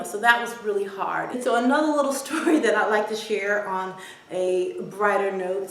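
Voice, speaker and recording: A woman in her forties telling a family story to her vlog audience in a chatty way, with filler words. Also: mid-range voice. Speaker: vlogger. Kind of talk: casual storytelling to camera. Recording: very echoey room, distant mic.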